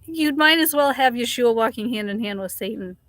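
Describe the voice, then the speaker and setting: Middle-aged woman, live streamer, heated unhurried rant, bright tone, dry close sound. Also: a little high, animated, dry recording. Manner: passionate, ranting, swears, greets chat viewers. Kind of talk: casual livestream chat.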